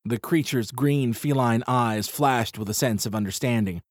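A male audiobook narrator with a mid-range voice reads a first-person story in a measured, wry way. The studio sound is clean, with no echo.

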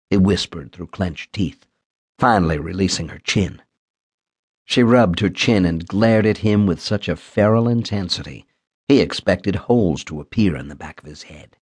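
Low-voiced man narrating a thriller audiobook. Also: normal speed, slightly rough.

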